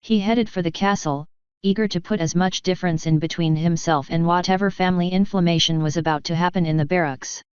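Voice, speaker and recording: Brief: woman narrator for fan fiction, low pitch, very smooth clear voice, dry lo-fi recording. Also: steady tone, brisk, no echo. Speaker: fanfiction reader. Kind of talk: audiobook narration.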